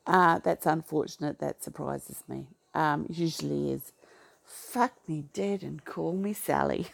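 A woman from Western Australia with an Australian accent, casually reading through a slang list and adding low-key asides and comments. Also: vocal fry. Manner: low-key, drops into soft asides, laughs at her own remarks. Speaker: vlogger.

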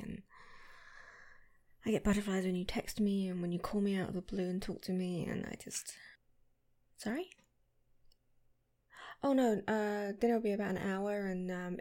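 A woman's voice: medium pitch, dark tone. A woman in a whispered role-play, speaking to a partner in an intimate, flirty, playful way. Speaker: audio role-play performer.

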